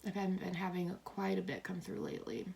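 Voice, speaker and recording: A middle-aged woman giving a tarot and coffee-ground reading, rambling, cursing now and then, and slipping into soft whispers. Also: on the low side, flat delivery, quick pace, creaky, a little hiss or hum. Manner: swears freely when relaying messages. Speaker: tarot reader.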